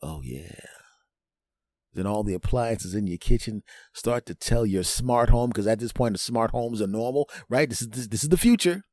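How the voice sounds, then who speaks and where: A man hosting a show, telling a comedic monologue with animated delivery, sudden pitch jumps and frequent asides asking "right?". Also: a little fast, no echo. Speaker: host.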